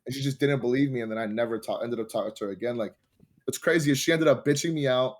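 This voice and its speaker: A young man spins a dating story on a casual podcast, swearing freely and getting animated. His voice sits in an ordinary middle pitch. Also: fast. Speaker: podcast host.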